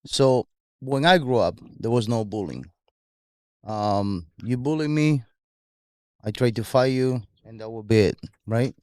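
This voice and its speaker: A man in casual podcast chat speaking earnestly and clearing his throat between thoughts. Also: mid-range voice, a little slow, pauses often, a little mellow, no echo, studio quality.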